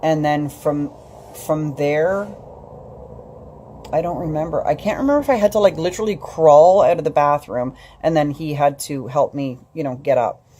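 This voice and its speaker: A woman's voice: sits low, normal speed, dark tone, slight background noise. A middle-aged woman vlogging, telling a personal story in a rambling way, full of fillers and restarts. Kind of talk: casual storytelling vlog.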